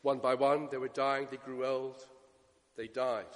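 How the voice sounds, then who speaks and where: Emphatic preacher in a reverberant hall. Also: male voice, mid-range voice, little pitch movement, unhurried. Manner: emphatic, swinging between loud declarations and hushed asides. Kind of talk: sermon. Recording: long reverb of a church hall.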